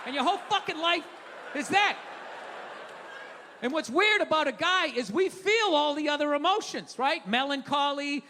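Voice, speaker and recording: A middle-aged man doing a profane stand-up routine, ranting and shouting bits to a live audience. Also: very high voice. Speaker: stand-up comedian. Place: stage before a live audience. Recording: live venue with long reverb, light crowd noise.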